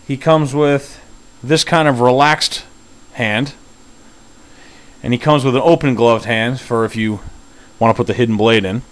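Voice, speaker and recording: A man's voice: medium pitch, steady tone, a little slow, long pauses. A man casually reviewing a collectible figure, talking in a chatty, easygoing way as he handles and explains each accessory. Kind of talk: casual product review vlog.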